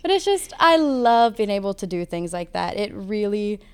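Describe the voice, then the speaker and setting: Young woman, theme park custodian, smooth clear voice, upbeat anecdotes. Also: medium pitch, big pitch swings, moderate pace. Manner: upbeat storytelling. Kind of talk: casual interview chat.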